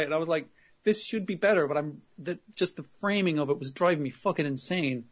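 A man in casual podcast chat, his voice sitting a little high. He retells scenes with lively acted-out quotes and blunt swearing. The audio is dull and lo-fi. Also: brisk. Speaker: podcast co-host reviewing anime.

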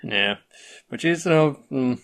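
A man's voice: medium pitch, lively intonation, measured pace, fairly bright tone. A man talks through a show in loose casual chat. He stumbles and repeats words, then drops jokey asides. His voice sits in a mid range.

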